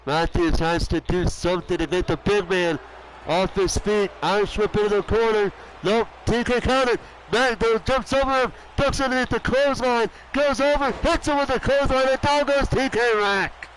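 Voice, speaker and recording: A young man with a high voice does wrestling play-by-play. He talks at an unhurried pace but gets animated and swears freely. A faint hiss runs under the recording. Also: poor audio. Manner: animated, swearing, shouting at big moments. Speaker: commentator. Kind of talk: excited wrestling play-by-play commentary.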